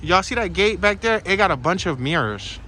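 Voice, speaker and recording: Talking straight to his viewers, a man narrates a casual walking tour in a chatty, excitable way, tossing in slangy asides at a moderate pace. His voice is a bit high for a man. He films outdoors on a handheld gimbal camera, with clear street noise behind him.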